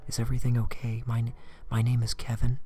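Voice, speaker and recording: A man's voice: mid-range voice, monotone, fast, mellow, husky, soft background music, natural voice. A man voicing an earnest, overly polite man who stammers as he checks on everyone.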